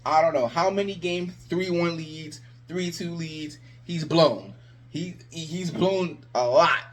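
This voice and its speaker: A man's voice: fairly high pitch, slow pace. A man ranting about his team in a sarcastic, exasperated vlog. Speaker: sports vlogger. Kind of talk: ranting fan commentary.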